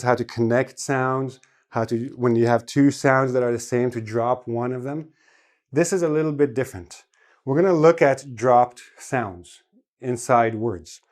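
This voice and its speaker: A young Canadian man gives an English lesson straight to his viewers. He speaks slowly and deliberately, stressing every syllable so each word can be caught. His voice is of ordinary pitch for a man. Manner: slow, carefully enunciated, stresses each syllable. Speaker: English teacher. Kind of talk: scripted lesson to camera.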